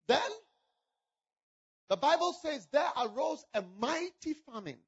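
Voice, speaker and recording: A man preaching an impassioned sermon, with fervent, repetitive appeals and frequent shouting. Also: extremely high pitch, big pitch swings, slow, pauses often. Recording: dull lo-fi recording.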